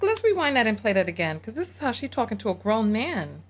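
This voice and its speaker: A woman runs a live reaction stream, chatting to her viewers as y'all as she sets things up and comments. Her voice sits at a middle pitch. She voices her disbelief freely. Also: big pitch swings, brisk, creaky, hardly any pauses, breathy edge.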